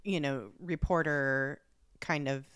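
Podcast co-host, woman, low smooth voice, blunt and laid-back, dry close sound. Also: slow, no echo. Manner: relaxed, blunt, swears casually. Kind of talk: casual chat.

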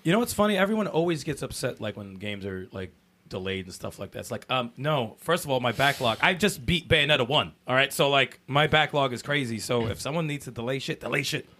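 Animated host, a man with a bright tone, excitable and profane. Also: mid-range voice, a little fast. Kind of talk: casual podcast chat.

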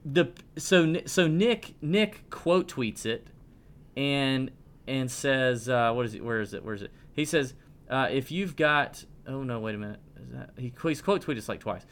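A man's voice: mid-range voice, moderate pace, fairly bright tone. A man in his thirties hosting a casual podcast, ranting with lots of restarts and stumbles. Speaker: podcast host.

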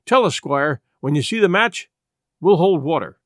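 Stern middle-aged sea captain, clipped commands, fairly high voice, dry as read by a man. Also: lively intonation, moderate pace, a bit bright, no room sound. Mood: commanding. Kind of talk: audiobook character voice.

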